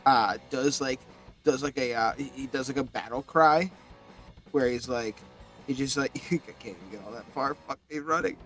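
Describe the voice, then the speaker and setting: A man's voice: medium pitch, moderate pace, a bit bright, soft background music. A man playing a tabletop game, describing his character's actions in a rambling way full of fillers and restarts, swearing freely. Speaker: player.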